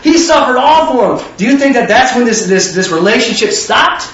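A man preaching a sermon in an animated way, with rhetorical questions and bursts of shouting. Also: extremely high pitch, normal speed, few pauses. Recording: echoey hall, distant dull mic, faint noise.

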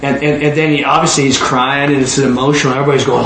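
Male preacher, storytelling sermon, lively, repeats words, faint room noise. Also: medium pitch, fast talker, roomy sound, rough recording. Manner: animated, repeats words, acts out the people in his stories.

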